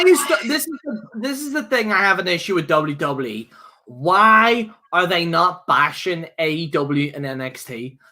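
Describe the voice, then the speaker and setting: A man's voice: sits high, bright, forceful tone. A man co-hosting a podcast, ranting with fiery, profane outbursts broken up by laughter. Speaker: co-host. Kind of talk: heated podcast rant.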